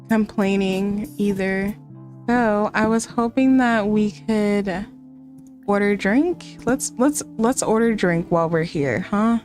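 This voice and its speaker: A woman in an excitable, talkative mood, narrating her game moves as she plays. Her voice leaps up in moments of delight. Faint game music sits behind her. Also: mid-range voice. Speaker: gaming content creator. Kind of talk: casual gameplay commentary.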